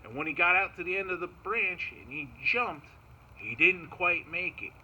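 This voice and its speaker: A man telling a folk tale to children in an animated way, chanting little sound effects as he goes. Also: sits high, moderate pace, husky, dull audio. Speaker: park storyteller. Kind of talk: storytelling for children.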